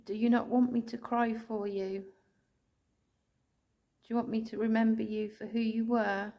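An English woman ghost hunter calling out to spirits indoors, speaking slowly and tenderly, sometimes tearful, recorded on a handheld camera. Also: fairly high pitch, little pitch movement, dull audio. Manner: soft, pleading, slow and tender, calling out with endearments. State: tearful at times.

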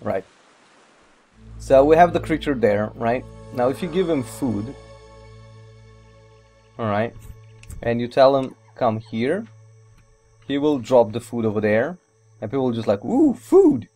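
Excitable man rambling over gameplay. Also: medium pitch, unhurried, pauses often, faint music behind. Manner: excitable, rambling, mild swearing. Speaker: let's play gamer. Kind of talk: gameplay commentary.

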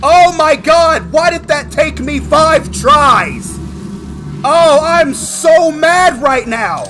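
A man giving excited gameplay commentary as a gaming channel host, with loud, animated exclamations. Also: very high-pitched, very slow, faint music behind.

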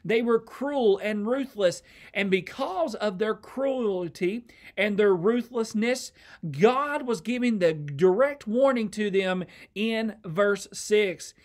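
High-voiced Southern American preacher. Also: male voice, a little mellow. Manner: reads scripture slowly, then explains in plain words. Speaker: associate pastor. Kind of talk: sermon.

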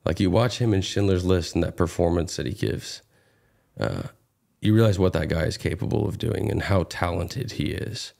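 Man, deep voice, gravelly, casual interview guest, relaxed, halting fillers. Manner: relaxed, many fillers and restarts. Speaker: podcast guest, actor.

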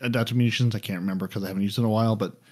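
A man's voice: fairly low pitch, fairly even intonation, rapid-fire, darkish tone. A man co-hosting a casual gaming podcast, rambling and correcting himself as he goes. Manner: rambling, self-correcting, apologetic. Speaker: podcast co-host.

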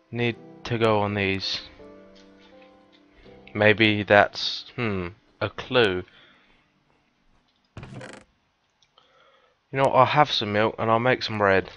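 A man giving cheeky, casual gameplay commentary, swearing often and breaking into sudden high, excited yelps. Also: smooth, dull audio. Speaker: let's player.

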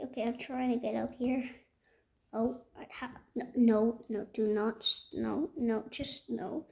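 A woman giving casual gameplay commentary, excitable and easily frustrated, swinging between loud outbursts and whispers. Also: fairly high pitch, unhurried, vocal fry. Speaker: gaming video creator.

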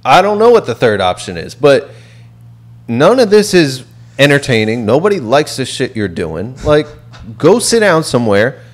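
A man on a podcast with a lively, swinging pitch. He talks bluntly and gets fired up, swearing freely as he rants. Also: moderate pace. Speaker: podcast co-host. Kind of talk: casual chat.

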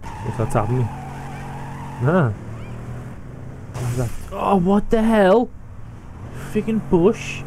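A man's voice: sits high, very animated, slow, long pauses, darkish tone, slight background noise. A young man giving let's play commentary on a driving game, exclaiming and laughing often. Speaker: gamer.

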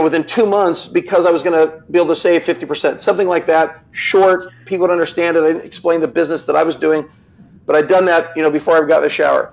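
Gravelly earnest man telling a story. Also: on the high side, rough recording. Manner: earnest, animated storyteller with many restarts. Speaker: guest. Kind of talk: casual storytelling on a live show.

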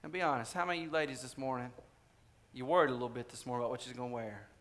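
A man's voice: mid-range voice, rapid-fire, fairly bright tone. A man preaching a sermon to his congregation. He talks conversationally, repeats key phrases for emphasis and puts direct questions to the listeners. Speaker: pastor. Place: church sanctuary.

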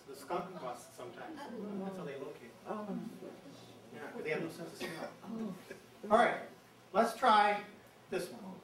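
A man's voice: sits high, a bit bright, slight background noise. A man giving a playful birding talk, leading the audience in chants like a conductor. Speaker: guest presenter at a birding society. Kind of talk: lively public talk with group chanting. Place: meeting hall before an audience. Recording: echoey hall, mic at a distance, audience audible.

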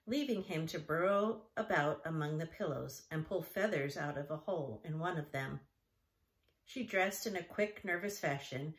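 A woman reading a classic children's novel aloud in a gentle, even narration. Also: sits low. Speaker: audiobook reader. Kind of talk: storybook narration.

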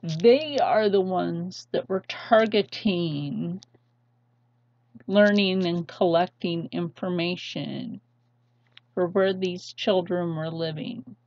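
Pleading and impassioned, a channel host rants on her vlog, leaning hard on her emphasis. Her voice is on the low side, slow, and a little mellow, with no room sound, though the lo-fi audio comes across dull.

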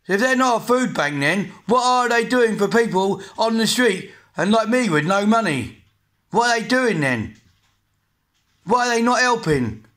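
A man's voice: high-pitched, a bit bright. An English man in his forties ranting angrily to camera, blunt and repetitive, swearing often. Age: 40s. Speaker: vlogger. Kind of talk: angry rant to camera.

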